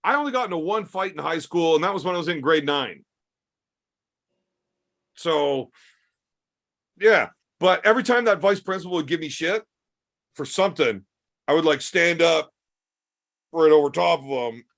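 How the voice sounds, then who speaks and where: A young man with a fairly high voice tells crude, swearing-laden stories in a relaxed podcast chat. His delivery is casual and unhurried. He talks like someone spinning yarns among friends. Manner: crude, swearing, laid-back storytelling. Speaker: podcast host.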